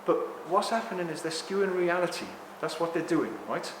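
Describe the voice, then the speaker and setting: This is a man from England in his sixties, a speaker at a talk, whose voice sits a little high and runs fairly quick. He rambles with animation before a live audience, launching into rants and then saying sorry, all within a roomy hall echo over faint background noise.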